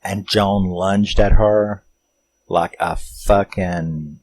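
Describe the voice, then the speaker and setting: Deep-voiced man recapping a film. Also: drawn-out words, poor audio. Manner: rambling, animated retelling with acted-out quotes and chuckles. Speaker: movie review host.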